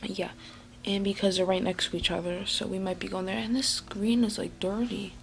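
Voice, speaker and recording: A woman vlogging at home into a handheld phone, rambling loosely with plenty of fillers and false starts. Her voice has a gravelly, fry-laden edge. A faint hiss sits under the recording. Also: medium pitch, flat delivery, fairly quick, a bit bright. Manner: meandering, full of fillers and restarts. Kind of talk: casual rambling vlog. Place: at home, indoors. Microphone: handheld phone camera.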